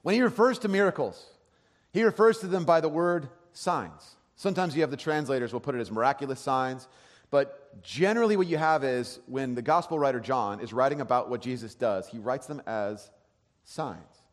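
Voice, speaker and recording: A man preaching a sermon in a relaxed, conversational way, often checking that the audience is following. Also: mid-range voice, moderate pace. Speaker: pastor. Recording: long hall reverb.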